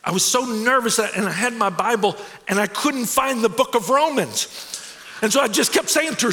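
A man performing a theatrical stage monologue, expressive and animated, with nervous, self-mocking laughs. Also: very high voice, moderate pace. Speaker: stage storyteller. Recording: long hall reverb.

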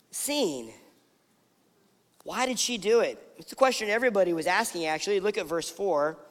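A man with a high-pitched voice preaches a sermon, telling the story vividly and voicing the people in it. His voice carries a long reverb from the hall he speaks in. His delivery is animated and storytelling. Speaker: pastor.

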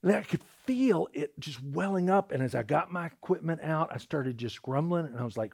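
Male pastor mid-sermon, slightly higher voice, very lively delivery, storytelling style. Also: fairly quick, vocal fry, hardly any pauses, slightly rough. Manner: storytelling, acts out quoted voices, repeats words when starting.

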